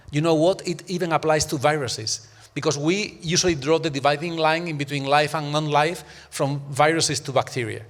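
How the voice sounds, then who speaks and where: A man's voice: a little high, fairly bright tone, long reverb tail. A man in an academic panel discussion, arguing emphatically and using many rhetorical questions.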